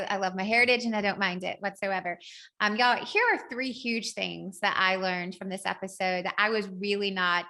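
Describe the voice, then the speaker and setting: Bright-voiced Southern woman hosting. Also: mid-range voice. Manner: chatty and upbeat, says y'all often. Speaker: podcast host. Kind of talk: casual podcast talk and recap.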